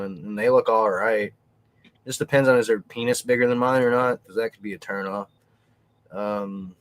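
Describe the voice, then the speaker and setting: A man hosting a casual livestream, rambling and swearing crudely. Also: fairly low pitch. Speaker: host.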